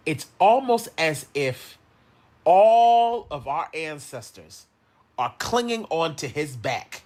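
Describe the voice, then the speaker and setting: A speaker in a played clip giving a heartfelt tribute, earnest and deliberate with a preacher-like emphasis. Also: mid-range voice, sing-song, darkish tone.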